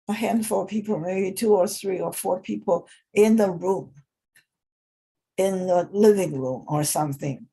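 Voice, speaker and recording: A woman teaching an informal English lesson, talking in a halting way with many pauses and restarts. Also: mid-range voice, mellow, breathy edge.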